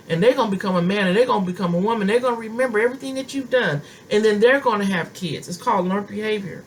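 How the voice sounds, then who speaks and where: Preaching woman, middle-aged, fervent and repetitive, mid-pitched, faint hiss behind. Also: fast talker, few pauses. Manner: impassioned, emphatic repetition. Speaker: prophetess. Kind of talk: sermon.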